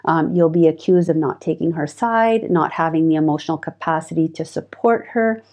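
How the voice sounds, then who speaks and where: A woman presenting relationship advice in a calm, measured, scripted monologue. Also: on the low side.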